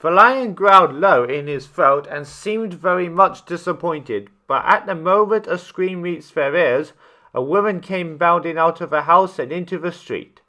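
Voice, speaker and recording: A man reading a children's story aloud, steady with small slips and restarts. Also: fairly high pitch, a little slow.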